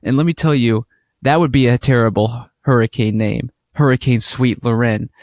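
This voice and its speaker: A man co-hosting a casual podcast, chatty and animated as he tells stories. His voice sits in a middle register. He slips into little acted-out exchanges. The sound is close and dry, with no room around it. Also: mid-range voice, normal speed, dry recording. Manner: animated storytelling, acts out quoted exchanges. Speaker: podcast co-host.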